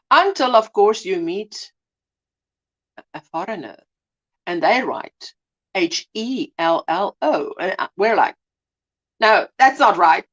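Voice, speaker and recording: A South African woman hosting a casual crochet livestream, chatty and gushing as she greets viewers. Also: muffled recording. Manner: chatty, gushing, lively swings in pitch. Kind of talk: casual live chat.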